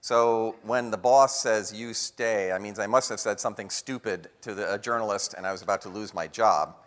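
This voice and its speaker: A man giving a lively storytelling talk to an audience, acting out the voices of people in his story. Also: on the low side. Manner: animated storyteller acting out quotes. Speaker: guest speaker. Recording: long hall reverb.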